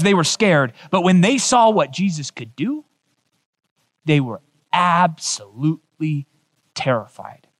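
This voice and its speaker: A male pastor preaching a sermon, telling a story with emphatic, animated delivery. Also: high-pitched.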